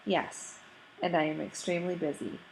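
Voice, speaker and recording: A woman's voice: lowish voice, fairly even intonation, normal speed, a little mellow, slight background noise, lightly acted, low-quality recording. A woman reading the part of a stern, busy older male rabbi who speaks curtly and formally. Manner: cross, curt, formal.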